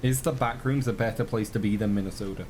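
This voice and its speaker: A man's voice: fairly low pitch, quick pace, a little mellow, slight background noise. A man streaming a reaction to a video, chatting casually to his viewers with rambling, joking asides.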